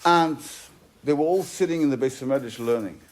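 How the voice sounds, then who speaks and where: A man's voice: mid-range voice, fairly quick. A man giving a Torah class as a rabbi, telling a story in an emphatic way and mixing Hebrew and Yiddish terms into his English. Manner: emphatic, swings between loud and soft. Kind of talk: sermon.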